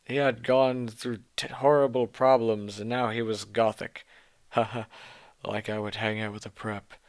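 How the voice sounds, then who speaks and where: A man's voice: fairly low pitch, flat delivery, measured pace, dry recording. A young man giving a sarcastic dramatic reading of a story, breaking off for exasperated, mocking asides.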